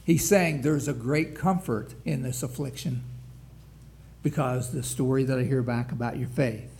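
A man's voice: medium pitch, moderate pace, a little mellow, slight background noise. A man pastor preaching a sermon, reading scripture aloud with rising emphasis and frequent restarts.

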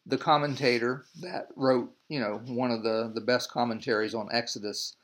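A man's voice: medium pitch, steady tone, normal speed, fairly bright tone. Man teaching a Bible study. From United States. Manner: reads scripture aloud, then explains in a loose, rambling way full of restarts.

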